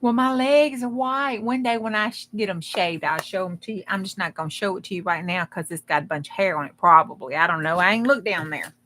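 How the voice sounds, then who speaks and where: A woman's voice: medium pitch, a little fast, few pauses, bright, forceful tone. A woman hosting a live crafting stream, chatting casually and rambling with folksy humor. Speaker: crafting livestream host. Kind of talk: casual livestream chat.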